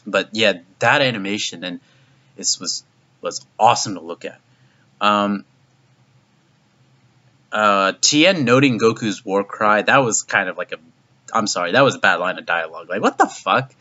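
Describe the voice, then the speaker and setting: Man, low and punchy, excitable reviewer who rambles and swears, recorded on dull gear. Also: moderate pace, long pauses. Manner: rambling and profane, heavy use of "like"; excitable, voice jumps up in disbelief. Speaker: anime reviewer. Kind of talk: casual video review.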